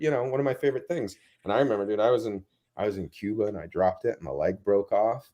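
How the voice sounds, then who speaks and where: A man, a guest in a casual interview, telling rambling, animated stories full of asides. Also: medium pitch, fairly quick, hardly any pauses.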